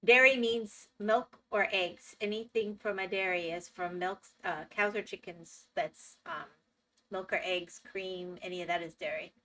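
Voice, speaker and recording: A woman's voice: fairly low pitch, steady tone, a little slow, sharp tone. A woman streaming live, reacting to a video with chatty asides and tangents.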